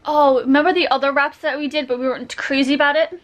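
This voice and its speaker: A woman chatting casually to her camera at home, giggly and relaxed. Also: high-pitched, fast talker. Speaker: vlogger.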